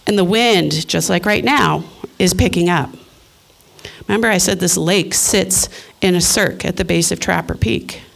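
Animated woman telling a personal story. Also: fairly low pitch, moderate pace, creaky. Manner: animated, acts out her own thoughts and voices.

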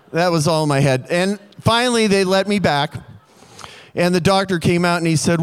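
Animated storyteller man, high clear voice. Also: moderate pace. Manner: animated, building comic tension. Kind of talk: comic personal storytelling.

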